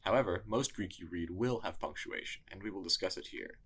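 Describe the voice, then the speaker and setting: A man narrating a scripted language lesson in a measured teaching tone. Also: low voice, a bit bright, husky. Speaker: tutor.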